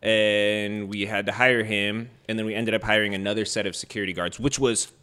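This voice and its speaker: A young man co-hosting a casual chat, telling a party story and acting out the quotes loudly. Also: on the low side, a little fast, clear, resonant tone. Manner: animated, acts out quotes loudly. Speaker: co-host.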